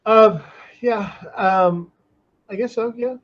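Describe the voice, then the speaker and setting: Chatty high-voiced man, lo-fi sound. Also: slow pace. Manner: rambling, chatty, many restarts. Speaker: guest, comics artist. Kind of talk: casual chat.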